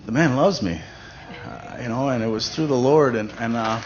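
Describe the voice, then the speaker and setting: A man's voice: medium pitch, moderate pace. A man giving a casual personal testimony at a church event, talking conversationally with many fillers and restarts. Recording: dull lo-fi recording with faint noise.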